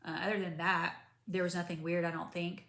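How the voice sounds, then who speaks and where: Lady vlogging after surgery, rambly storytelling, bright voice, roomy echo. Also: fairly low pitch, brisk. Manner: chatty, rambling, animated retelling with many asides. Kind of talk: casual storytelling to camera.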